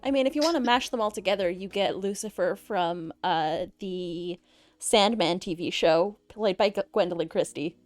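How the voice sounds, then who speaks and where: A woman chatting as a guest on a casual tabletop-games show, playful with quick joking asides. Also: medium pitch. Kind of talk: casual chat.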